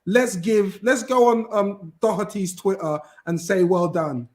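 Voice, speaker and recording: Animated high-voiced man chatting football. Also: measured pace. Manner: rambling, animated, many restarts and fillers. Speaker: podcast guest, football fan. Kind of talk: casual chat.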